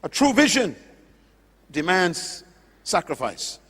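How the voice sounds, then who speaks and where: A man preaching with a high, lively voice that leaps between soaring declarations and low, drawn-out words. He puts pointed questions straight to his listeners. His voice rings with long reverb through a large auditorium. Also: husky. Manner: impassioned, emphatic, swings from loud declarations to low slow drawn-out words; addresses listeners directly with questions. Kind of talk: sermon.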